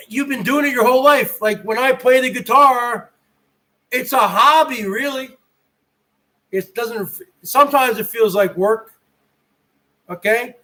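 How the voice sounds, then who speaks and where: Man, livestream rant, very high voice, slow drawn-out delivery, taunting and profane. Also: bright, forceful tone, poor audio. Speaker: livestream host. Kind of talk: ranting livestream chat. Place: home garage.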